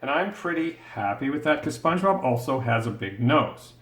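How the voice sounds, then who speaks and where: Expressive and a bit bright, a medium-pitched male voice moves at a moderate pace through a step-by-step drawing lesson. He describes every stroke as he draws, thinking aloud in a patient, encouraging manner, with the room adding echo.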